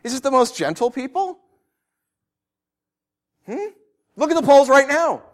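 A man preaching a sermon, asking rhetorical questions and swinging from quiet asides to loud declarations. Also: very high-pitched, sing-song, a little slow.

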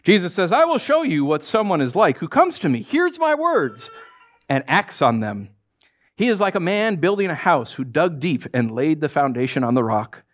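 A pastor delivering a sermon, his voice pitched a touch high for a man and swinging widely up and down. He preaches conversationally, dropping in jokes and asides to the congregation. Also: big pitch swings, normal speed.

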